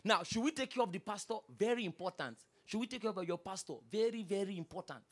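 A man with a Nigerian accent, a pastor preaching a sermon, lively and humorous, asking the congregation question after question. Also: sits high, fast. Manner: animated preaching with humor and repeated rhetorical questions.

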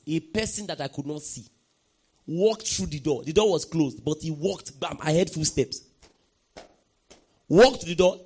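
A man with a fairly high voice preaches a sermon in an emphatic way. He keeps asking the congregation to answer back and breaks into sudden shouts. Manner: emphatic, calls for congregation response, bursts into shouts. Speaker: pastor.

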